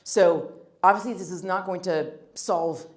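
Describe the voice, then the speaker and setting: A woman with a lowish voice speaks unhurriedly at a live workshop, blunt and emphatic with wry humor. The sound is roomy, like a hall.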